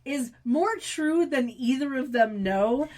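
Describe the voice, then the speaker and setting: A woman's voice: sits high, slow pace. A woman co-hosting a podcast, chatting casually while recapping a TV episode, with lots of "like" fillers. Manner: animated, frequent "like" fillers. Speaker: podcast co-host.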